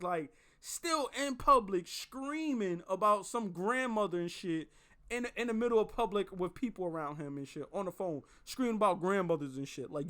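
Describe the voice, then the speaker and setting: Animated, swearing male vlogger. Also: sits high. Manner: profane, animated, rambling. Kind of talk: casual storytelling vlog.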